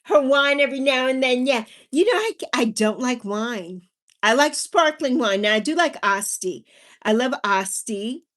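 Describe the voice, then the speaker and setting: A woman's voice: high-pitched, moderate pace, a bit bright. A woman hosting a casual livestream, chatting with viewers in a bubbly, sing-song way and drawing out her words. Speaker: livestream host.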